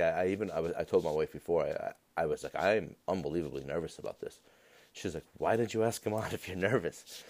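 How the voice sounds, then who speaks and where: A man's voice: low voice, darkish tone. A man hosting a casual podcast, rambling with many restarts and fillers. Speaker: podcast host.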